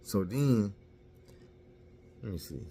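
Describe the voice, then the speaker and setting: A man's voice: on the low side, lively intonation, takes it slowly, dark tone, slight background noise. A man casually telling a candid, profane story about himself and mocking his own mistakes.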